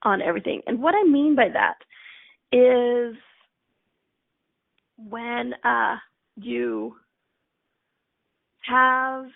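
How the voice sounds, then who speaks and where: A woman's voice: a little high, extremely slow, vocal fry, long pauses, no echo, narrow, tinny audio. A woman coaching on a live stream, telling a client story in a chatty way and acting out the quotes. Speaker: life coach.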